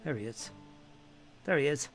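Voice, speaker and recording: A man's voice: medium pitch, animated, moderate pace. A middle-aged man hosting a live stream, chatting casually and jokingly, laughing often. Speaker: stream host. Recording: background music on a live stream.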